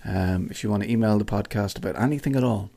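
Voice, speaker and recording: A middle-aged Irish man with a fairly low, creaky, dark-toned voice talks fast as he closes out his own podcast. He rambles and swears through a jokey solo outro, tossing asides to an imagined colleague.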